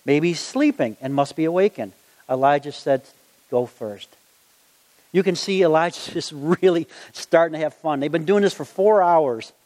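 A man preaching a sermon, reading Bible verses aloud and acting out the story in lively voices. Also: a little high, normal speed. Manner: animated, acts out the story in voices. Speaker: gospel magician preacher. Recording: long hall reverb.

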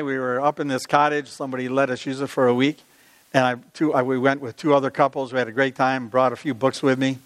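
A man preaching in a relaxed, conversational way, with a slightly raised voice. He asks his listeners questions as he goes and reads scripture aloud. The voice itself sounds close and dry, but a long reverb trails after it as in a large hall. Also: fairly high pitch. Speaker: pastor. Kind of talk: sermon with scripture reading.

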